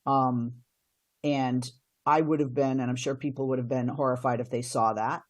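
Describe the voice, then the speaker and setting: A woman's voice: a bass voice, fairly even intonation, normal speed. A middle-aged woman, a radio host and commentator, giving earnest answers in a podcast interview, often restarting her sentences.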